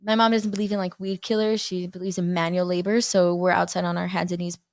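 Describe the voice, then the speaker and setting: A woman's voice: on the low side, fast, no echo, studio quality. Chatty young woman telling stories. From Texas, USA. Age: young adult. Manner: chatty storyteller, lively, often laughing. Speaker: guest, softball player. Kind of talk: casual interview chat.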